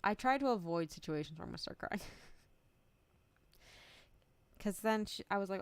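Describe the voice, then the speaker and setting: A young woman streamer talks candidly and swears freely, laughing as she acts out both sides of old conversations. Her voice is smooth and resonant. It sounds close and dry, with no room around it. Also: mid-range voice, expressive, moderate pace, pauses often, dry recording. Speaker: VTuber streamer. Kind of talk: casual chat stream.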